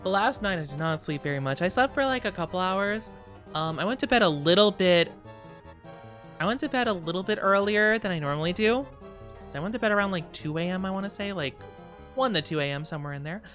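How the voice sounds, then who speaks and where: A woman's voice: medium pitch, animated, a little fast, a bit bright, soft background music. A woman streamer chatting casually with her live chat, rambling and giggling often, tired and yawning. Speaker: VTuber streamer.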